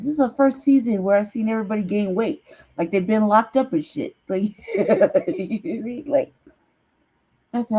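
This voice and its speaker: Mellow-voiced woman, teasing casual chatter. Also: mid-range voice, normal speed, poor audio. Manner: teasing, laughs often, swears freely. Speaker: streamer. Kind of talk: casual chat.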